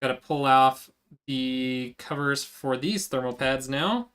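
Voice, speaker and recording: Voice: mid-range voice, slow, a bit bright, clear, resonant tone. A live streamer chatting casually with viewers while working, answering chat as they go.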